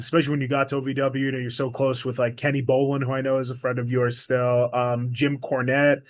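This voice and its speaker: A man hosting an interview with an eager, enthusiastic manner. His voice sits at a plain middle pitch as he asks his guest one question after another. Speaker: podcast host.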